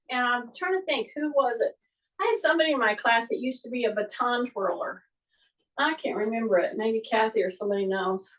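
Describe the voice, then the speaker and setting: A middle-aged woman with a high voice and an unhurried pace leads an exercise class, chatting and repeating her cues. She is recorded in a home exercise room, a little away from the mic. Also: fairly bright tone, recorded from a distance, rough recording. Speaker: fitness instructor. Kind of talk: live exercise class instruction.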